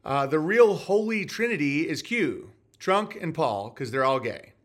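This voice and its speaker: A man's voice: fairly high pitch, sing-song, unhurried. A man hosting a live-stream podcast, reading viewer messages and answering with sarcastic, mocking rants.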